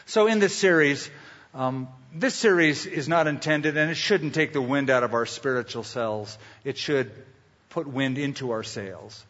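A man's voice: medium pitch, measured pace, fairly bright tone. A man preaching a sermon as pastor, emphatic and storytelling. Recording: lo-fi with long hall reverb.

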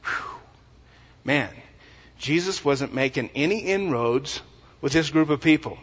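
Man, pastor, folksy and animated, slightly high voice, echoey church hall, dull sound. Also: unhurried, slightly rough. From West Texas. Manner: animated, folksy, acts out dialogue with humor. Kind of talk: sermon.

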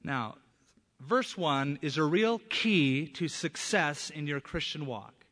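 A man's voice: fairly high pitch, animated, slow pace. A man preaches with a slightly raised, emphatic voice, pressing hard on key words. His sermon carries a long reverb from a large church hall. He speaks as a pastor from the pulpit. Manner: emphatic, rising to loud stresses on key words.

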